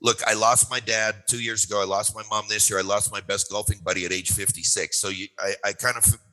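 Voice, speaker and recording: A man's voice: lowish voice, fairly even intonation, brisk, pushed and bright, rough recording. A man in his sixties, a retirement author and guest, explaining his ideas emphatically with punchy repetition and rhetorical questions. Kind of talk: animated explanation.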